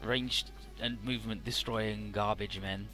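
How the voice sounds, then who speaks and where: A man's voice: lowish voice, steady tone, unhurried, bright, forceful tone, soft background music. A young man casually recapping a game's story, swearing and sarcastic as he plays. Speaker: let's play host. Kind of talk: casual game commentary.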